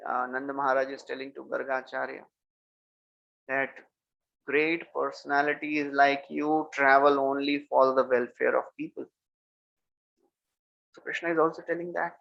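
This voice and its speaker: Gravelly man giving a scripture lecture. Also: mid-range voice, fairly even intonation, normal speed, pauses often, fairly bright tone. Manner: storytelling, acting out quoted speech. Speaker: preacher. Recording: dull lo-fi lecture recording.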